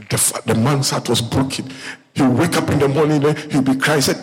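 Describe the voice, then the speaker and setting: A male pastor preaching a sermon, telling a Bible story with lively acted-out voices and calling out to his congregation. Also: mid-range voice, a little fast, slightly rough. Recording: echoey hall reverb.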